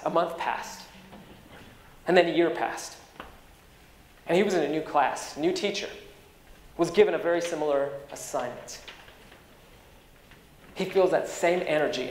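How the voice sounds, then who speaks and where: Energetic man giving a keynote. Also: slight background noise. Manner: energetic storyteller, swings in pitch and loudness. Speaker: keynote speaker. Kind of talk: motivational keynote speech. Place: large conference hall. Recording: echoey conference hall with long reverb.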